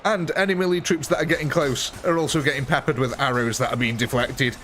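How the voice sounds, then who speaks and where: A man's voice: medium pitch, fairly even intonation, fast, fairly bright tone, a little hiss or hum. A man giving chatty, amused live commentary on a strategy game while thanking viewers and answering chat. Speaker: game streamer.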